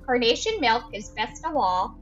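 A brash great-aunt in her eighties, as a woman puts her on, drawls a bawdy rhyme in a North Dakota accent. The voice is bright and a little higher than usual. The sound is dull and lo-fi, like a remote call. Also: big pitch swings, normal speed, soft background music.

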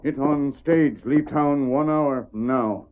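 An actor playing a loyal, terse western scout who talks in slow, clipped broken phrases in a vintage radio drama. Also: male voice, medium pitch, natural voice. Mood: earnest. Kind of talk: 1940s radio acting. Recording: tinny old radio transcription with hiss.

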